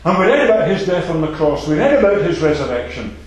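A man preaching a sermon, emphatic and repetitive, swinging between loud declarations and soft asides. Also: a little high, sing-song, fast. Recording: very echoey hall.

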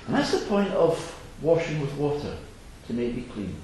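A man preaching a sermon to an assembly, earnest and animated with occasional chuckles. His voice sits a touch high with a wide, lively swing. The recording is very echoey with faint background noise. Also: normal speed. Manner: earnest, varied, chuckling asides. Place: assembly hall.

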